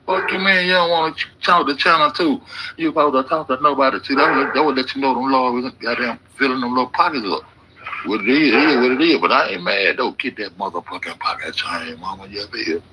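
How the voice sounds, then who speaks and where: A man's voice: mid-range voice, fast, bright, forceful tone. Profane middle-aged man, noisy recording. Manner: profane, rambling, joking. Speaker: YouTube commentator. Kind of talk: casual reaction commentary.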